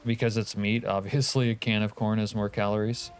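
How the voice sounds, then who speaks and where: A man's voice: lowish voice, flat delivery, brisk, soft background music. A man from Canada streaming a multiplayer survival game, chatting casually with teammates and viewers, joking and swearing freely. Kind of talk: casual gaming livestream chat.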